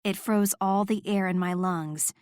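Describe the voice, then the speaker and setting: A woman narrates a first-person romance audiobook, soft and intimate in her delivery. Her voice is mid-pitched and the recording is close and completely dry. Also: steady tone, unhurried, clear, resonant tone, no echo.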